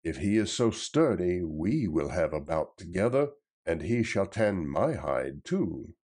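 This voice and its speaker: A man's voice: low-pitched, very animated, a little slow, darkish tone, husky, heavily acted. A man voicing a loyal, worried outlaw with a raised, anxious, questioning delivery. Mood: eager. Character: loyal, worried male outlaw, big and eager.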